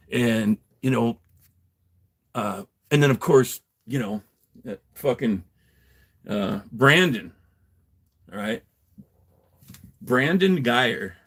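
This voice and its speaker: Male streamer chatting from his garage; loose, swearing, laughs a lot, talks to chat. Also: medium pitch. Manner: profane, rambling, laughs often, reads chat aloud. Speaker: livestreamer. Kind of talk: casual livestream chat. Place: home garage.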